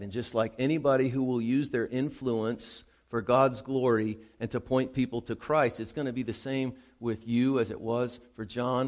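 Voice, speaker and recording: A man preaching a sermon, moving from calm teaching to loud, excited emphasis. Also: mid-range voice. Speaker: pastor.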